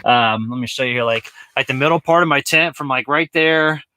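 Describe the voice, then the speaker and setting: Brisk and bright, this man's medium-pitched voice is forceful and clean on a dry recording. He's a vlogger livestreaming off-grid camping, strolling through snow outdoors and into a large tent while chatting casually, rambling with lots of fillers and restarts.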